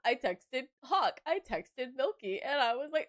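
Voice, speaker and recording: Her voice is high and her pace slow as this young adult woman chats on a game stream. She's a lively storyteller in a casual live-stream conversation, laughing often and acting out the lines she quotes.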